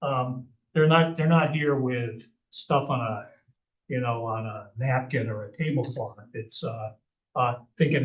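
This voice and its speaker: Measured man advising a town board. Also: mid-range voice, dull audio. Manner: measured, careful hedging. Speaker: planning consultant. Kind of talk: public meeting discussion. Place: municipal meeting room. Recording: echoey room, voice far from mic.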